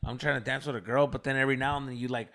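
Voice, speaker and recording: A man, co-hosting a podcast and telling a story in casual, animated chat, swearing and mimicking others. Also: medium pitch, very fast. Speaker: podcast co-host.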